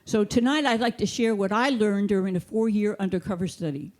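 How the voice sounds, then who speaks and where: This stand-up set comes from a woman on a theater stage, speaking into a handheld mic with a dry, mock-authoritative delivery. She has a mid-range voice and talks a bit quickly.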